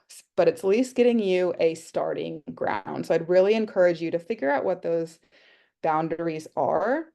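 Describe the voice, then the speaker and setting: Running a casual online workshop on a video call, this Australian woman speaks with a lowish, dark voice marked by vocal fry. She's chatty, thinking out loud and using lots of fillers.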